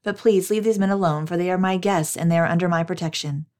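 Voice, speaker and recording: An anxious man begs and pleads urgently, voiced by a woman reading scripture aloud. The voice stays lowish, near her plain reading tone. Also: fast talker, a little mellow, lightly acted. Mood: begging. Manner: urgent, begging. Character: anxious man begging for protection.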